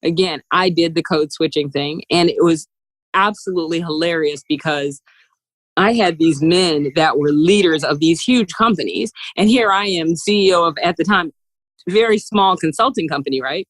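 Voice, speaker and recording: A woman, a business CEO, telling animated stories as a podcast guest, laughing often and acting out what others said. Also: deep voice, normal speed, no echo, low-quality recording. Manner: lively, laughs often, acts out quotes. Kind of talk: animated storytelling interview.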